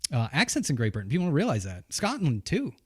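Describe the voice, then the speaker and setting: A man's voice: on the high side, huge pitch swings, quick pace, husky, no echo, studio quality. A man hosting a podcast, chatting and rambling in casual banter. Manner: chatty, rambling, laughs easily. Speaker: podcast host.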